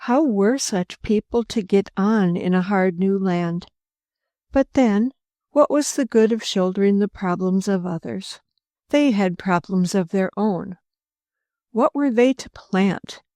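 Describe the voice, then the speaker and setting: A woman reads a storybook aloud at a slow, measured pace, calm and even. Her voice is close-miked and dry, with no room sound. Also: medium pitch, no room sound. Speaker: audiobook narrator. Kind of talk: scripted narration.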